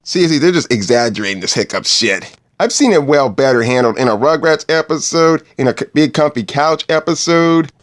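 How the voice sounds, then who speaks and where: A man's voice: on the high side, lively intonation, brisk. A man reviewing a cartoon episode, crude and exasperated, swearing often. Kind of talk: profane commentary over clips.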